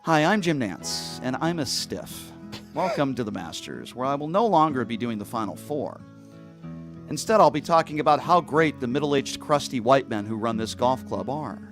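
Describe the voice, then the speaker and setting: A man putting on an impression of a stiff golf broadcaster, speaking slowly and softly in a mock reverent tone, with faint music behind. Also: medium pitch, animated, lightly acted. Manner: slow, soft, reverent announcer delivery.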